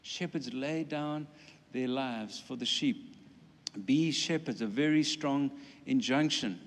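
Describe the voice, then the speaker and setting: A man preaching a sermon in an animated way, with playful asides and acted-out quotes. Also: medium pitch, slow. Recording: long hall reverb.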